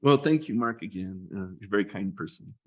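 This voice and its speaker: A man speaking as a guest in a casual interview. He talks haltingly, repeats his words and laughs easily. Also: lowish voice, lively intonation. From United States. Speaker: gallery owner, guest.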